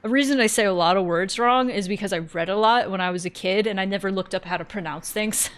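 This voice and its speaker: A woman's voice: medium pitch, fast, clean tone. A woman streamer chatting casually and rambling, giggling often and swearing freely while playing a game.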